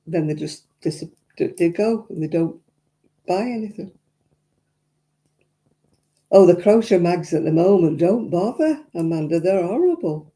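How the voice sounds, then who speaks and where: This older woman speaks a little slowly in a fairly low, dark, expressive voice. Hosting a crafting livestream, she rambles casually through viewer comments with frequent chuckles, her Lancashire accent reflecting her roots in Royton, North West England.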